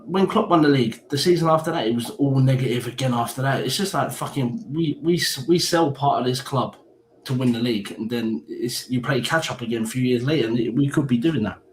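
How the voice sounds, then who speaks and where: A man's voice: mid-range voice, a little fast. A man giving blunt, heated opinions on a casual football live stream, swearing freely. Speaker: fan pundit. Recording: echoey room with faint background hiss.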